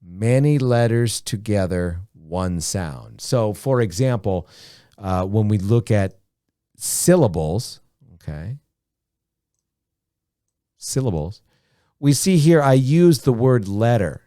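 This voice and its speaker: A man teaching a beginner English lesson, speaking slowly and deliberately, repeating words and often saying "okay". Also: fairly low pitch, lively intonation, mellow, no room sound, clean studio sound. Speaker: ESL teacher.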